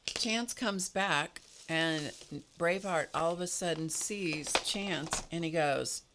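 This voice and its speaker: Slow, low-voiced woman chatting while painting. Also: noisy background. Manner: rambling, chatty storytelling with small laughs. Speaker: art livestream host. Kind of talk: casual chat while painting.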